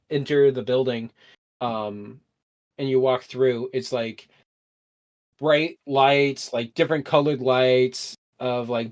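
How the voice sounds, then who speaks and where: Man rambling as a game master. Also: mid-range voice. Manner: rambling with many fillers. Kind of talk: narrating a tabletop game.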